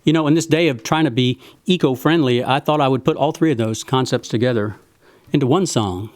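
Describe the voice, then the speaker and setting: A man's voice: medium pitch, fairly quick, darkish tone, no echo, studio quality. A man hosting a virtual house concert, telling the stories behind his songs in a folksy, earnest way with some tongue-in-cheek humor. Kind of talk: spoken song introductions. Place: home, live-streamed concert.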